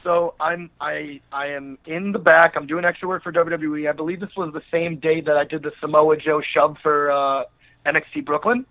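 A man's voice: a little high, flat delivery, normal speed. A man, a podcast guest, telling a long story in a rambling casual way with many fillers and restarts. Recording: narrow phone-like line.

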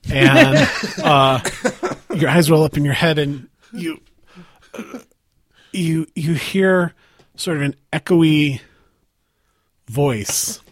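A young man narrating as game master, unhurried, laughing often between lines. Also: fairly high pitch, animated.

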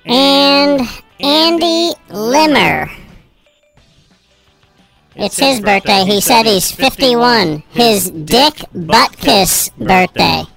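A radio co-host heard through a pitched-up chipmunk voice filter, reading out birthdays with crude jokes in casual morning show banter. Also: animated, drawn-out words, vocal fry, a bit bright, soft background music.

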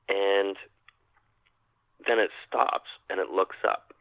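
A man from Canada, a podcast guest, telling a personal encounter story in an animated way, acting out his own thoughts and repeating phrases. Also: low voice, takes it slowly, pauses often, no echo. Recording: dry tinny phone-line sound.

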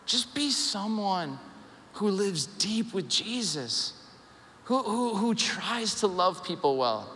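A man preaching an animated sermon as a pastor, dropping into lower voices to act out the people he quotes. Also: slow pace. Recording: live sermon in a reverberant hall.

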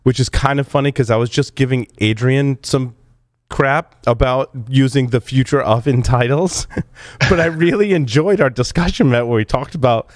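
A man's voice: medium pitch, normal speed, dry recording, studio quality. A man hosting a security podcast, talking casually with restarts while on the verge of losing his voice. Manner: energetic, rambling with restarts. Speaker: podcast host. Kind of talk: casual podcast talk and read ads.

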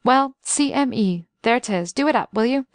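A woman voicing an excitable young invalid man who is wry, talkative and full of schemes, in a storybook reading. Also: on the high side, moderate pace, no echo, clean studio sound, close to an everyday voice. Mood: wry, fussing.

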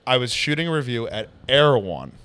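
A comedian guest telling animated stories in a casual podcast chat, with frequent swearing. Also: male voice, mid-range voice, fairly quick, clear, resonant tone, no room sound. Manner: animated storyteller, swears a lot.

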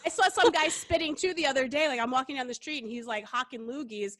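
A woman's voice: high voice, fast, a bit bright, no room sound, clean studio sound. A woman co-hosting a talk show, chatting casually and laughing easily. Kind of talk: casual chat.

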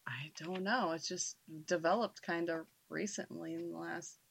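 A woman paranormal investigator telling stories in a casual chat, animated and laughing often, with the hiccups. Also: fairly low pitch, moderate pace, creaky, breathy edge. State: has the hiccups.

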